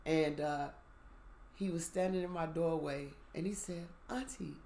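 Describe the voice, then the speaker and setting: A woman's voice: low voice, fairly even intonation, unhurried, a little hiss or hum. Emphatic woman telling a personal story. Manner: candid, emphatic storytelling with sudden loud bursts. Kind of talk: personal spiritual reflection. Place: outdoors.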